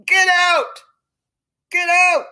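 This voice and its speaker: A woman voicing an angry male ship's radio operator who yells at people. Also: high voice, expressive, slow pace, gravelly, pitched above the performer's own voice, heavily acted. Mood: furious. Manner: yelling.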